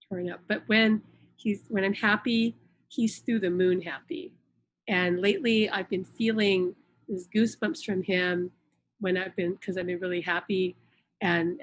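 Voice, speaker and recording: Middle-aged woman, mid-pitched, earnest live-stream host, casual and repetitive. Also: low-quality recording. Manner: earnest, repeats words while relaying messages. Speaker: psychic channel hosting a live stream. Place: room indoors at home.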